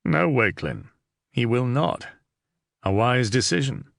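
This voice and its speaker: A man voicing a serious, upright young under-sheriff who speaks in a measured, stern way in an audiobook. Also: medium pitch, very animated, vocal fry, dry recording, studio quality, full character voice.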